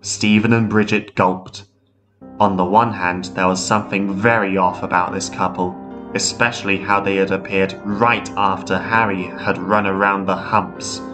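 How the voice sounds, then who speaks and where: A man narrating a ghost story in a measured, steady way. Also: low voice. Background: faint guitar music.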